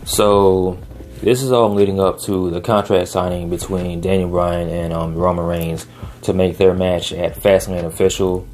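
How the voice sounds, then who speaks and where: A man casually recapping a wrestling episode, laid-back and full of fillers, slipping into quick quoted lines. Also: low-pitched, little pitch movement, a little mellow. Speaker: wrestling show reviewer. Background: faint background music.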